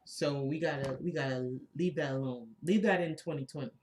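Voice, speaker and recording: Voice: medium pitch, brisk, a little mellow, slight background noise. A co-host in a casual spiritual talk, speaking in an emphatic, repetitive, preacher-like way.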